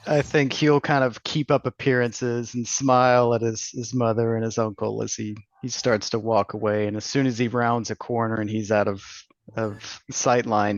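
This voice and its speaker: A man playing a tabletop game, describing his character's actions in a hesitant, halting way. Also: fairly low pitch, no room sound, highs cut off. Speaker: player. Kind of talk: tabletop role-play.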